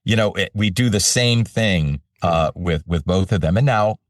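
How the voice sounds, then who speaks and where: An older man, a voice-over artist, telling animated stories in a casual interview. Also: sits low, normal speed, no echo, clean studio sound, distant mic.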